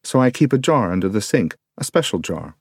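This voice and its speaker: A man's voice: on the low side, big pitch swings, brisk, slightly rough, no room sound, studio quality, heavily acted. A man reading an audiobook, voicing a mother who is hesitant and a touch uncomfortable. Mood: sheepish. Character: mildly embarrassed mother, hesitant.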